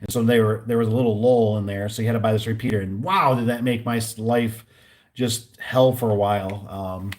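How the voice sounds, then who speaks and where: A man's voice: fairly low pitch, fairly even intonation, fairly quick, a little mellow. A man who installs garage doors, ranting casually in a vlog and acting out both sides of his phone calls. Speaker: garage door and gate installer.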